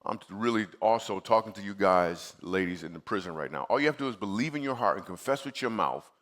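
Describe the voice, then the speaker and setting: On a church stage before a live audience, a comedian from Michigan, USA, serving as guest speaker tells a personal story in a comedic sermon, conversationally acting out his own replies. His lowish voice is expressive, fast and a bit bright.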